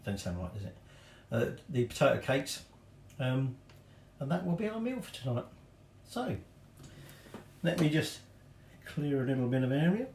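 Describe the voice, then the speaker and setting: Middle-aged male cooking host, rambling and self-mocking, mid pitch, roomy kitchen echo with faint noise. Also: very animated, moderate pace, long pauses, darkish tone. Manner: chatty, rambling, self-deprecating asides. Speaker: home cooking show host. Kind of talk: casual cooking demonstration. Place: home kitchen.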